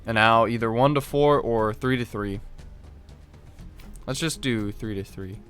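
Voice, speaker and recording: A man's voice: medium pitch, unhurried, a bit bright, soft background music. A man live-streaming a card game, reading card text aloud and thinking through his moves, often stopping to correct himself. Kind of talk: live gameplay commentary.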